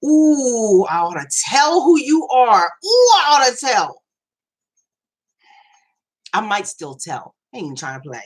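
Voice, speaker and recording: A middle-aged woman hosting a casual live chat, animated and laughing, venting with lots of swearing. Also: sits high. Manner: animated, laughing, ranting with profanity. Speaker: host.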